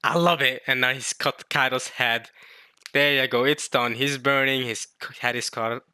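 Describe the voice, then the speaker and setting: Guy reacting to a manga chapter, gets hyped fast, swears a little, keeps correcting himself, middle-pitched voice. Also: clean tone, no room sound, clean studio sound. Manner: excitable, reacting aloud with mild swearing and self-corrections. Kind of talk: casual reading and reaction commentary.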